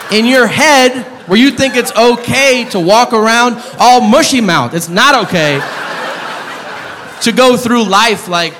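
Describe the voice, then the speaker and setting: A man's voice: extremely high pitch, a bit bright, a little hiss or hum. A man doing stand-up, telling stories in a brash, profane and incredulous way. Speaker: stand-up comedian. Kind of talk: stand-up storytelling. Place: comedy club stage. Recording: reverberant live club with audience.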